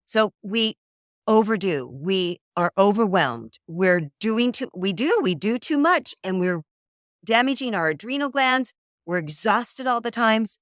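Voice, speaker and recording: A middle-aged woman talking as a dating coach in an interview, an animated storyteller who acts out quoted voices. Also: mid-range voice, a little slow, no echo, studio quality. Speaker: dating coach, podcast guest. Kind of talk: conversational interview.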